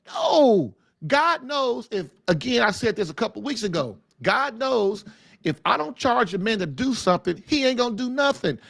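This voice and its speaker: High gravelly guy preaching hard on his podcast, folksy slang, says stuff twice for punch. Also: a bit bright, no echo, studio quality. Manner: emphatic, folksy slang, repeats phrases for punch. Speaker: podcast host. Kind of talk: preaching-style casual talk.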